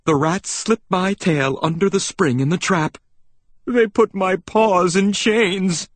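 A man narrating a children's storybook in a dramatic, deliberate reading. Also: sits high, no echo.

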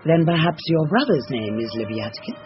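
A man's voice: fairly high pitch, sing-song, normal speed. A man narrating and acting in a dramatized novel reading, in a commanding, imperious manner, on dull lo-fi audio with faint music. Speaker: narrator and lead reader.

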